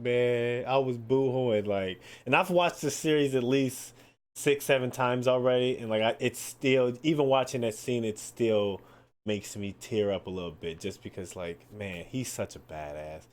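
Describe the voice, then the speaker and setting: A man hosting his own podcast, chatting casually in a loose, excitable way, swearing freely and filling his talk with "like" and "man". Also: medium pitch, measured pace. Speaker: podcast host. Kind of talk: casual solo podcast chat.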